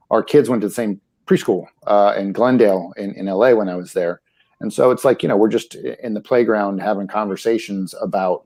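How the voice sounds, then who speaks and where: A father telling an anecdote in casual chat, careful and hesitant with many pauses. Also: on the low side, a little mellow. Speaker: parent.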